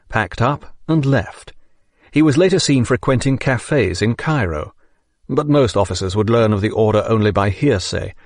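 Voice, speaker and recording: A man narrating a history audiobook in a measured, steady reading. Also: mid-range voice, no room sound, studio quality.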